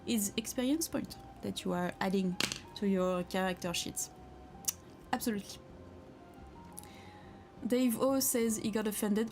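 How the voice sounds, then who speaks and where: A chatty, giggly woman hosts a casual livestream, reading viewer comments aloud and encouraging them. Her voice sits at a medium pitch, and faint music plays behind her. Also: unhurried, long pauses. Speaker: craft livestream host. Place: home craft space.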